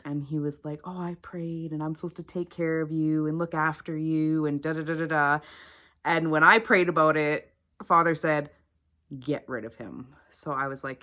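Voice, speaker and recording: A woman's voice: low voice, normal speed, fairly bright tone. A woman vlogger telling a personal faith testimony to the camera in an earnest, chatty way, with many fillers.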